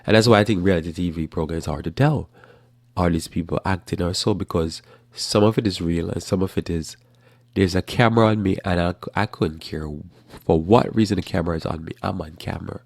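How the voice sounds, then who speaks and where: A man hosting a casual religious talk show about current events, rambling with restarts in a flat, matter-of-fact way. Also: sits low, a little fast, gravelly, no echo. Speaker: host.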